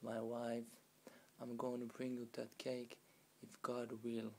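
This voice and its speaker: A man's voice: mid-range voice, completely flat delivery, slow pace, gravelly, slight background noise. A man voicing a poor, good-hearted husband in a told folk tale, speaking meekly and pleadingly. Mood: humble.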